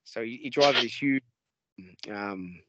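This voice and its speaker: An Australian man, a podcast guest, telling a story in a rambling, animated way with lots of swearing. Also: medium pitch, takes it slowly, muffled recording, a little hiss or hum. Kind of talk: casual storytelling.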